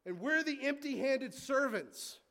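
A man preaching a sermon, reading scripture aloud and breaking into casual asides, swinging from loud emphasis to quiet, hushed remarks. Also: extremely high pitch, lively intonation, unhurried. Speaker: pastor.

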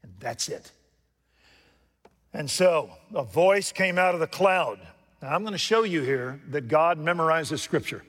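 A man preaching a sermon from the pulpit, jumping from loud emphatic lines to hushed asides and putting questions to his congregation. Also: on the high side, lively intonation, measured pace. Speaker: pastor. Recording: long reverb from a large hall.

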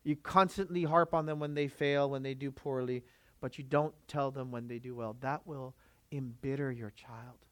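A man's voice: mid-range voice, fairly even intonation, normal speed, a bit bright, no room sound. A man of Filipino background preaching a sermon, emphatic and full of rhetorical questions to the congregation. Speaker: pastor.

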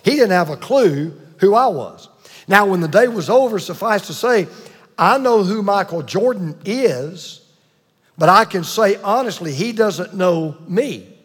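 A man in his sixties preaching a sermon as a pastor, emphatic, with dramatic pauses and asides to the congregation. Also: sits high, lively intonation, slightly rough, in a large hall.

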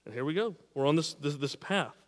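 A man preaching a sermon, repeating and restarting words, swinging between emphatic peaks and quiet drops. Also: fairly high pitch, lively intonation, brisk, in a large hall. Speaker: pastor.

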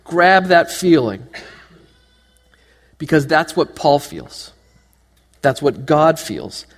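A man preaching a sermon to his church, animated and joking, asking the congregation one question after another. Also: fairly high pitch, slow. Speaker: pastor. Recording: long hall reverb.

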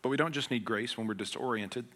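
A man preaches from the pulpit at a quick pace and medium pitch. He comes across as heartfelt and conversational, using everyday humor and swinging from loud, emphatic lines to hushed ones.

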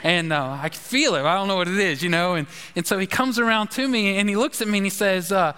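Chatty preacher in a big hall. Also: male voice, high-pitched, quick pace, clear, resonant tone. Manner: chatty, animated anecdote telling with fillers. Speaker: pastor. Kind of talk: sermon storytelling. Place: church sanctuary. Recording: long reverb of a large hall.

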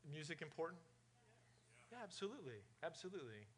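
A man preaching a sermon to his congregation, energetic and often asking the room questions. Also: fairly high pitch, quick pace. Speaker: pastor.

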